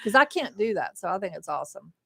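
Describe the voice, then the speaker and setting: A woman co-hosting a local radio show, reading the weather and chatting casually, with lots of quick agreeing interjections. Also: medium pitch, very animated, gravelly. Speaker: radio co-host doing the weather. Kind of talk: weather report and casual banter. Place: radio studio.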